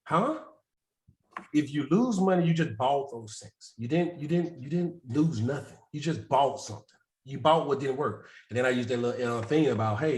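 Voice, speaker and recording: A man who coaches real estate investing speaks in a medium pitch on a group video call. He shares candid stories with a self-mocking looseness and lots of laughter, and the audio carries a roomy echo.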